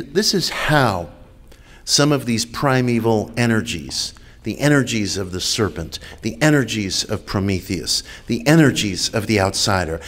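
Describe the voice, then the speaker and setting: Lower-pitched New man, deliberate lecturer, repeats key phrases, heard over a video call. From United States. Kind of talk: measured public lecture.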